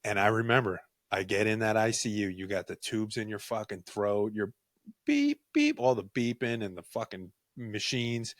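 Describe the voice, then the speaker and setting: Animated young man telling a wild story. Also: fairly low pitch, moderate pace, hardly any pauses, no echo, studio quality. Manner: animated, profane, jokey storyteller. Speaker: podcast host. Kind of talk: casual storytelling.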